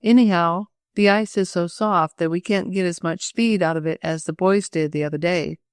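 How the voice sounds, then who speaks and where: A jolly, confident girl who talks in a lively, joking way, as a woman narrator puts her on. The voice is fairly low and dry, close to the mic. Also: normal speed, clean tone, no room sound, natural voice.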